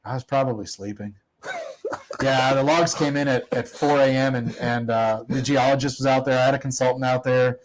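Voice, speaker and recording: A man's voice: medium pitch, fairly even intonation, moderate pace, rough recording. Rambling middle-aged man telling stories. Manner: rambling, self-deprecating, many restarts. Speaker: guest, oil company operator. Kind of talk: casual interview storytelling.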